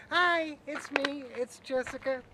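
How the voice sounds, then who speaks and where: Woman vlogging in her car, slow rambly chat, laughs a lot, car noise behind. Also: sits high. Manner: rambling, chatty, laughs often. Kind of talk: casual chat to camera. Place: inside a car. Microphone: handheld camera.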